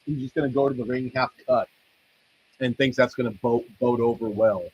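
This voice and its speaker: A man with a husky voice rambles through casual commentary, swearing and joking as he goes. The sound is dull and lo-fi, like a cheap home setup. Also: mid-range voice, fairly even intonation, moderate pace, darkish tone. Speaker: podcast host reacting to wrestling results.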